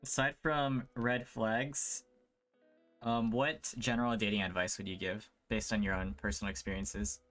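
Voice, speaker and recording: A man hosting a podcast interview, mostly murmuring agreement and asking calm follow-up questions. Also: mid-range voice, normal speed, soft background music. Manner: brief backchannel, calm questions. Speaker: podcast host.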